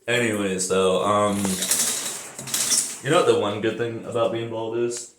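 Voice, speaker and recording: A man's voice: lowish voice, fairly even intonation, measured pace, reverberant, background noise. A young American man rambling casually in a vlog, swearing freely and laughing at his own jokes. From United States. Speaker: vlogger. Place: bathroom shower, then indoors.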